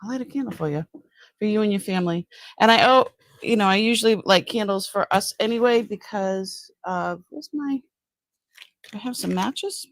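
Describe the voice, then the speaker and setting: Her mid-range voice is moderately paced and free of echo. This middle-aged Massachusetts woman, who has a Boston accent, is a live-stream seller and host chatting casually from home near a counter, wandering through topics as she greets viewers by name.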